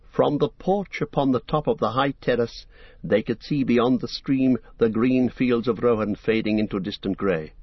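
A man narrating an audiobook in a measured, solemn storytelling manner. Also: mid-range voice, breathy edge, dry recording. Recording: dull dry lo-fi recording.

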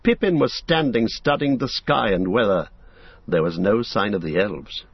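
A man giving a steady, scripted audiobook narration as the storyteller. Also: fairly low pitch, moderate pace, breathy edge, dry recording. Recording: dull, dry recording.

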